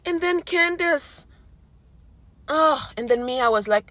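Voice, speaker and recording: A woman delivers a casual recap rant with blunt, slangy exasperation. Her voice is fairly high and swings widely in pitch, and it is going hoarse as she talks. The recording is dry, with no room sound. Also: animated, slow pace, long pauses, pushed and bright, dry recording. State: losing her voice. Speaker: recap vlogger.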